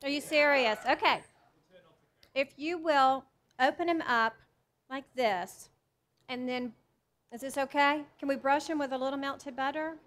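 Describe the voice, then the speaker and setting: Woman, high voice, chatty cookbook author demoing recipes live, self-deprecating. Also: unhurried, pauses often, a bit bright. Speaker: cookbook author doing a cooking demo. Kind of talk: live cooking demonstration to an audience. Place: teaching kitchen with a live audience.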